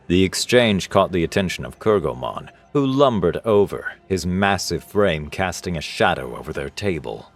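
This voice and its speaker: A man reading a scripted science-fiction story in a steady, expressive way. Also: low-pitched, normal speed, few pauses. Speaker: narrator. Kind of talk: scripted sci-fi story narration. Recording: narration over faint music. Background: faint music.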